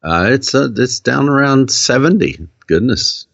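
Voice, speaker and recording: A man's voice: mid-range voice, expressive, measured pace, creaky, fairly bright tone, dull audio. A man with a Southern US accent in casual chat as co-host, easygoing and laughing often.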